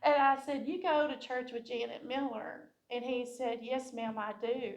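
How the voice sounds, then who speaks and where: Woman, church testimony, storytelling, voices the people in her story, slightly high voice. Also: steady tone, moderate pace. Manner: heartfelt storytelling, acting out what people said. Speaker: church member sharing a testimony. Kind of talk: personal testimony to a congregation.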